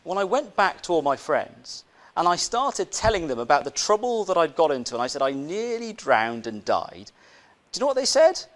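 A man preaching a sermon in an easy, conversational way, weaving in a personal story. His voice sits a little high and swings up and down a lot. He keeps asking his listeners questions and circles back over his own phrases. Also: big pitch swings, a little fast. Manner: conversational, asks the congregation rhetorical questions, repeats phrases.

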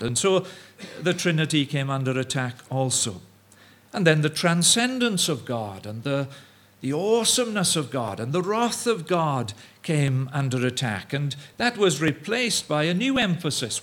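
A man preaches an evening sermon in a voice on the higher side for a man. He speaks haltingly, full of fillers and restarts, and mimics the views he argues against in quoted asides. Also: very animated, fairly bright tone.

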